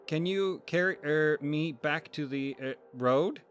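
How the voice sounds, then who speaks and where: Eerily chatty injured man, as a narrator puts him on, pitched up, folksy and halting, for a horror audio story. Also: soft background music. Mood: creepy casual. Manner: folksy, hesitant. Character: broken-legged man with sinister grin, falsely casual.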